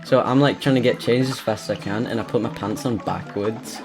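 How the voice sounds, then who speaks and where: A man's voice: mid-range voice, fairly quick. A British man rambling through a personal story while playing a video game, with many fillers and restarts. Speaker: let's play gamer. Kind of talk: casual gameplay chat and storytelling. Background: game music.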